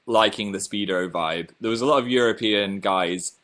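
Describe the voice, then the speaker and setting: A man's voice: on the low side, moderate pace, a bit bright. A young man with a Northern English accent, casually chatting on his own livestream and reading out viewer comments in a chatty, self-mocking way. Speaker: livestream host.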